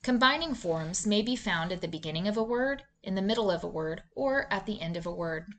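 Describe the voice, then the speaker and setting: Measured woman narrating a reading lesson. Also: medium pitch, animated, fairly bright tone. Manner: clear, measured, deliberate teaching delivery. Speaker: literacy instructor. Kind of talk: scripted instructional narration.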